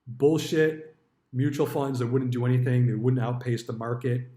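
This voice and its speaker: A man tells stories from his years as a stockbroker in a blunt, offhand way, and swear words come easily. His pitch sits in the middle. The recording has a roomy echo. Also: level tone, normal speed, mellow. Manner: blunt, swears freely, acts out quoted dialogue. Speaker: retired stockbroker telling stories. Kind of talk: casual storytelling monologue.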